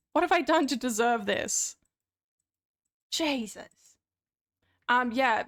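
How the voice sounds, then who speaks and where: A young woman chats through a live game stream, her voice sitting a little high with a strong gravelly fry. She talks loosely and laughs a lot, dropping swear words without a second thought. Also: a bit bright. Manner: chatty, swears freely, laughs often. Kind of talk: casual live-stream chat while gaming.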